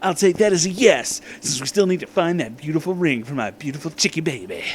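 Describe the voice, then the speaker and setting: A man's voice: on the high side, lively intonation, fairly quick, slight background noise, lightly acted. A man doing a breezy, cocky hedgehog hero.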